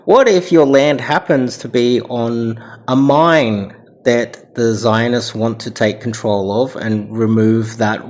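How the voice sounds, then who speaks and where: A man's voice: medium pitch, darkish tone. A man with an Australian accent giving reaction commentary in a ranting, sarcastic manner.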